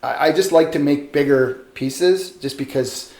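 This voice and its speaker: A man, a metal sculptor, chatting casually and a bit ramblingly about how he works, self-deprecating and relaxed. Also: fairly high pitch, unhurried, vocal fry. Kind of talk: casual interview. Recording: roomy echo.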